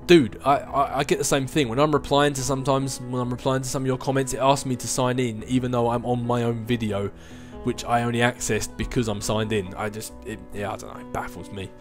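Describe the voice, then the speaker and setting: Young male vlogger in his twenties, mid-pitched and conversational, rambling through viewer questions with restarts, faint music under him. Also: level tone, a little fast, few pauses. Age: 20s. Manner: rambling, chatty, with frequent restarts and laughs. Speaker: YouTube channel host answering viewer questions. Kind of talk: casual chat.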